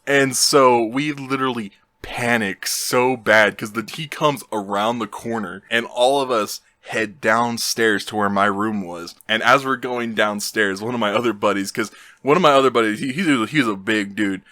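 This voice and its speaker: A young man with a lowish, bright, forceful voice recounts a story in loose, casual slang. He leans on "like" constantly and bursts into loud, high shouts for the quoted lines. The sound is close and dry. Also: moderate pace, few pauses, dry recording. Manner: casual slangy talk with frequent "like". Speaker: storytelling vlogger.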